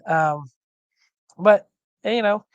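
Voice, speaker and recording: A man's voice: sits high, extremely slow, clean tone, dry recording, highs cut off. Man losing his voice, casual rambling streamer co-host, dry close mic. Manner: rambling, many fillers and restarts. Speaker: livestream co-host. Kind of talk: casual chat.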